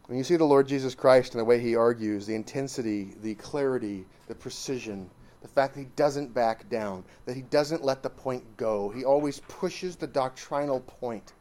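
A man preaching to a church assembly, reading scripture and then commenting on it emphatically, swinging between loud stresses and hushed asides. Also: medium pitch, normal speed.

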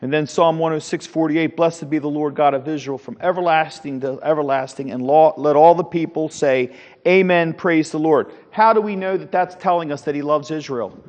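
Bible teacher, man, high-voiced, emphatic; lo-fi, echo-heavy church recording. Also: moderate pace, darkish tone. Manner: emphatic, repeats words while finding phrasing. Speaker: Sunday school teacher. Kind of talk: Bible lesson. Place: church classroom. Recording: dull, reverberant hall recording.

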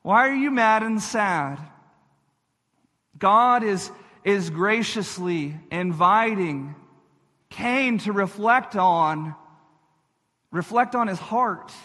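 Man pastor, earnest sermon, slow and deliberate, speaks right to the congregation, echoey hall. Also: sits high, animated, sharp tone. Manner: earnest, repeats phrases for emphasis, addresses listeners directly.

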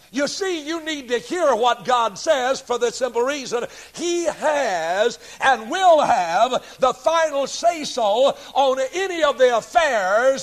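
A middle-aged man preaching a sermon, emphatic, swinging between loud declarations and low asides.

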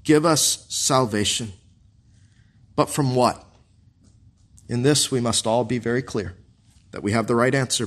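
A man preaching a sermon in an earnest way, asking the congregation questions and slowing down to stress quoted scripture. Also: a little high, bright, forceful tone. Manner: earnest, asks the congregation questions and answers them.

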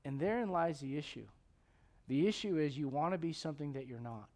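A man preaching a sermon as pastor, conversational with jokes, swinging from loud emphatic peaks to hushed low passages. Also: a little fast.

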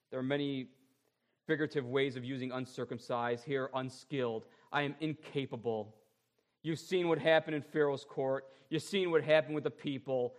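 A man preaching a sermon as a pastor, drawing out repeated phrases and moving between loud stresses and quiet asides. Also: mid-range voice, fairly even intonation. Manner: emphatic, drawn-out repeated phrases, shifting between loud and soft.

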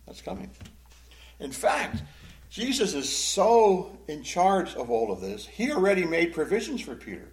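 Emotive, animated male Bible teacher. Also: high voice, unhurried, low-quality recording. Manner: emotive, swinging between loud emphasis and hushed sadness. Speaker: pastor teaching a Bible class.

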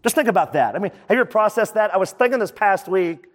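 A man preaching a sermon in a conversational style, full of quick asides. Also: sits high, expressive, big-room sound. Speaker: pastor.

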